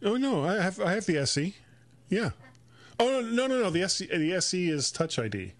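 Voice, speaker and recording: A man's voice: high voice, sing-song, fairly quick, dry recording. A man hosting a casual tech podcast, chatty and jokey as he rattles off his plugs. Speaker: podcast host.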